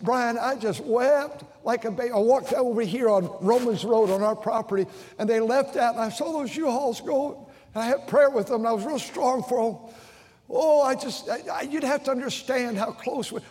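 Older pastor preaching high, hall reverb. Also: male voice, darkish tone. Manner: emotional, repeating himself with stammered restarts. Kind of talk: sermon. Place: large church auditorium.

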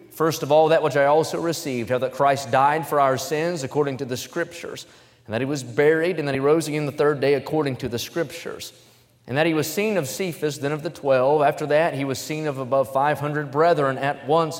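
A man preaching a sermon, switching between plain testimony and loud, emphatic scripture reading. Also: mid-range voice, in a large hall.

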